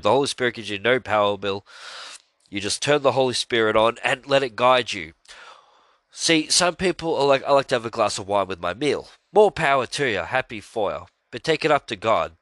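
With no room sound, a mid-range, slightly bright male voice carries a podcast host's casual monologue on religion. He talks earnestly and rambles about his faith, often sighing and filling gaps with fillers.

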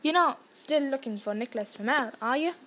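A big gamekeeper man who sounds shifty and hushed, as a woman reads him. He dodges questions and warns others to keep quiet. The voice stays high for such a big figure. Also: lively intonation, fairly quick, a little hiss or hum.

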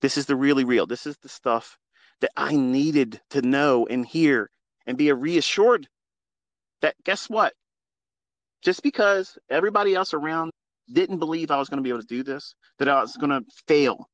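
A man talks straight into his phone with a fairly high voice, dry and close with no room around it. He preaches in an unscripted, earnest way and swears freely. His level swings from low and quiet to loud and pressing. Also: normal speed, no room sound. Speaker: trading mentor hosting a live audio space. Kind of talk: impassioned unscripted monologue.

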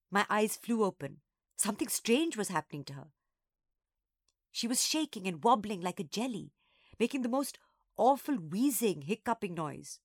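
A woman storyteller reading a children's story aloud, expressive and acting out each character. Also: fairly low pitch, normal speed, no room sound, clean studio sound.

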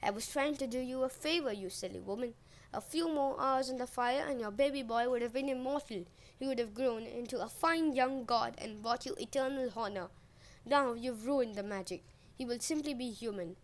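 A woman's voice: on the high side, moderate pace, natural voice. A woman voicing an imperious goddess disguised as an old woman, scolding and exasperated.

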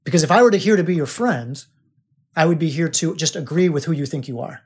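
A man with a husky, slightly breathy voice hosts his own podcast as a spiritual coach. He drives each idea home with emphatic, repeated phrases, sounding like a teacher pressing his listeners to change. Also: on the high side, animated, quick pace. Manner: emphatic, repetitive teaching delivery.

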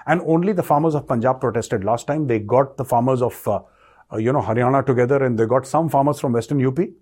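A man's voice: mid-range voice, fast talker, darkish tone, breathy edge. A man giving direct-to-camera commentary and answering viewer questions, emphatic and repeating his key points. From India. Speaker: defence commentator and show host.

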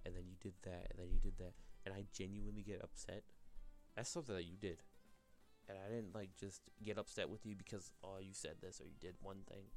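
A young man rambles through a solo podcast episode, trailing off and correcting himself as he goes. His voice sits fairly low, with faint music under it. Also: a little mellow. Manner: rambling, self-correcting, full of "like" and restarts. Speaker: podcast host.

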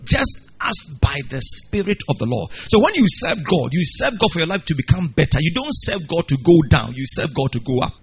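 A man's voice: big pitch swings, normal speed, creaky, hardly any pauses, slight background noise. A man preaching a sermon with dramatic, rising and falling delivery. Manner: dramatic preaching with wide swings of pitch and loudness. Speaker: pastor.

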